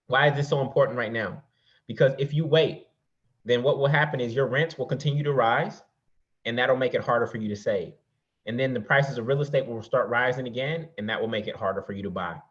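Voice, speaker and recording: A man coaching an audience on real estate investing in a motivational presentation, preaching and firing off rhetorical questions while calling them "y'all". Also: mid-range voice. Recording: slightly dull lo-fi recording.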